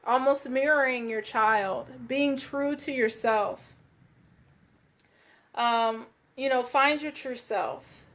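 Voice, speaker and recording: A woman doing a casual card reading for her viewers, gentle and searching, with many fillers and restarts. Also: high-pitched, slow. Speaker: tarot card reader.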